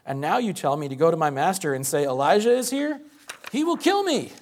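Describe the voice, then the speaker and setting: A man's voice: a little high, big pitch swings, fast, a little mellow. A man voicing a frightened male servant who pleads for his life, reading the lines in a sermon with urgent emphasis. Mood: fearful pleading.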